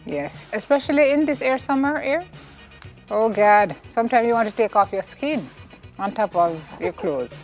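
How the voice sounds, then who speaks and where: Woman co-host, dry quips, slightly high voice, faint music behind. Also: lively intonation, normal speed, a little mellow. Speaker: morning show co-host. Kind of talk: casual studio chat.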